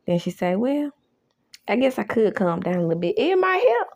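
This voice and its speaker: A woman's voice: medium pitch, very animated, normal speed, a little mellow, no room sound, muffled recording. A woman recapping a TV episode in a casual, sassy way, laughing often and acting out the characters' lines. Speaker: recap host. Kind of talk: casual show recap with reactions.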